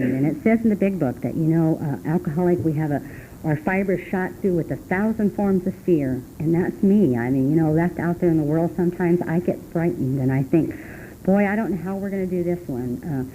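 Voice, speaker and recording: A middle-aged woman sharing her story at a recovery meeting, rambling and earnest, with many restarts and sudden laughing jumps in pitch. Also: warm tone, poor audio. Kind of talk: personal testimony talk. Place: meeting room. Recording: faint hum on an old tape recording.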